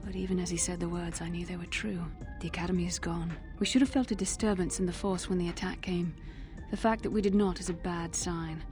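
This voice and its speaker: A grave, earnest young Jedi woman, as an actress voices her in a video game, her tone set fairly low and measured. Her lines sometimes sink to a soft near-whisper, with the game's music playing clearly behind her. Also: lightly acted.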